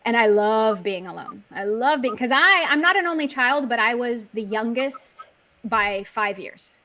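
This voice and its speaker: A woman's voice: a little high, expressive, a little slow, pushed and bright. A middle-aged woman chatting earnestly and casually in a video call, using filler words. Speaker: language exchange partner. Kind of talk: casual conversation.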